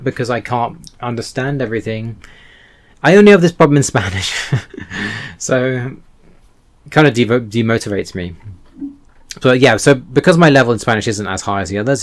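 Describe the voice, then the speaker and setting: Male vlogger, mid pitch, loose self-correcting chat to camera. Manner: rambling, self-correcting, self-deprecating. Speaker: language learning vlogger. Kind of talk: casual talking-head vlog.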